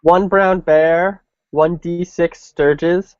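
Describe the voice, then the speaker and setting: Halting man on a dull, dry line. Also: fairly high pitch, steady tone, clean tone, no echo. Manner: hesitant, halting, many ums. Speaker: younger brother, gaming channel host. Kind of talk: casual chat.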